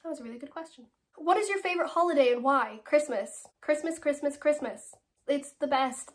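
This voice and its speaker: 18 yr old irish girl doing a fan q&a, bit high voice, chatty and giggly, rambles a lot. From Ireland. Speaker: actress answering fan questions. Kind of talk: casual Q&A.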